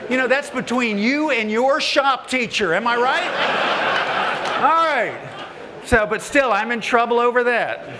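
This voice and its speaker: A man, a woodworking TV host, telling folksy, joking stories to a live audience, his voice climbing high when he gets worked up. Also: lively intonation, unhurried, a crowd in the background. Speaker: woodworking TV host giving a stage talk. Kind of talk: humorous storytelling to a live audience. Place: large hall at a woodworking event. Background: audience laughter.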